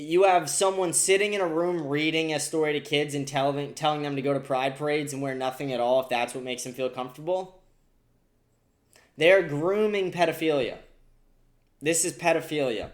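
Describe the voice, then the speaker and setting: A man hosting a podcast, ranting profanely and indignantly about the news. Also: on the high side. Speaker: podcast host. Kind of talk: casual political commentary.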